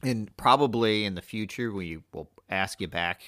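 A man's voice: on the low side, normal speed, a bit bright, no room sound, clean studio sound. A man hosting a podcast, chatting casually in a rambling way, leaning heavily on fillers. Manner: rambling, heavy on "you know" fillers. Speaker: podcast host. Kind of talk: casual interview chat.

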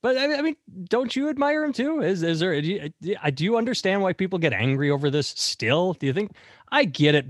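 A man's voice: no echo, clean studio sound. Sarcastic man hosting comedic news chat. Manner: sarcastic, swings high when mocking. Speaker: podcast co-host. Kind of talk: casual comedic news banter.

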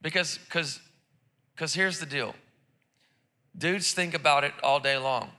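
A man's voice: fairly high pitch, measured pace, bright, forceful tone. A man preaching a sermon in church, casual and joking, with lots of repeated words and restarts. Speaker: pastor. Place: church service.

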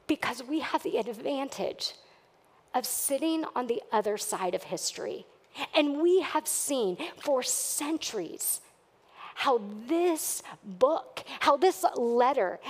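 Earnest high-voiced woman preaching, unhurried. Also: in a large hall. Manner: earnest, rising to emphatic. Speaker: pastor. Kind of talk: sermon. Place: church sanctuary.

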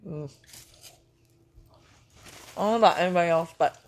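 A woman's voice: on the low side, normal speed, slight background noise. A middle-aged woman chatting casually, a gushing grandmother with lots of fillers. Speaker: vlog co-host, grandmother. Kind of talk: casual breakfast chat.

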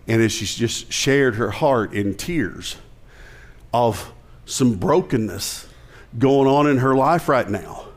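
A male pastor with a Southern American accent, preaching a conversational sermon with jokes and emphatic rising passages. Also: mid-range voice.

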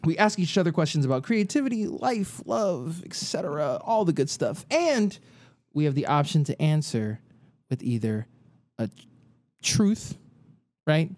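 A man co-hosting a casual podcast, his voice pitched a little high. He rambles, lacing his talk with fillers and playful jokes as he explains and asks questions. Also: big pitch swings, normal speed, darkish tone, no echo. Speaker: podcast co-host.

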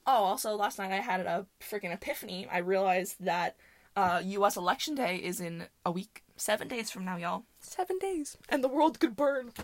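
A young adult woman hosts a podcast, telling stories solo in a chatty, rambling way with lots of fillers and frequent laughter. Her medium-pitched voice moves at a normal speed, and the recording is dry.

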